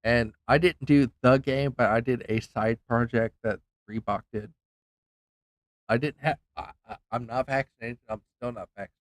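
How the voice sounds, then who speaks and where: A man's voice: mid-range voice, steady tone, moderate pace, no room sound. A man streaming a game, telling a rambling story in a heated, profane way, with many restarts. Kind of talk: casual ranting story while gaming.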